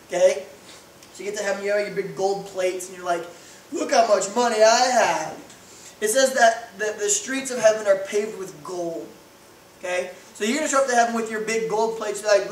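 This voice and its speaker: A pastor with a high voice preaches a sermon in a church hall, telling animated stories full of playful voiced asides. The recording is distant and echoey, with slight background noise.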